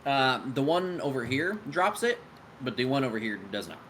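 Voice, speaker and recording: A man running a tabletop game as game master, narrating enemy turns and making casual quick rulings. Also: medium pitch, very animated, a bit bright, a little hiss or hum.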